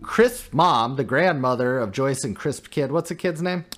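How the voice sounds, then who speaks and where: A man's voice: mid-range voice, lively intonation, a little slow. A man co-hosting a podcast, joking and rambling, often losing track of names. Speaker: podcast co-host. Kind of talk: casual chat.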